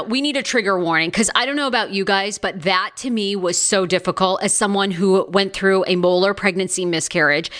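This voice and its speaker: A woman's voice: mid-range voice, a bit bright. A woman hosting a live celebrity gossip podcast, chatty and gossipy. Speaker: podcast host.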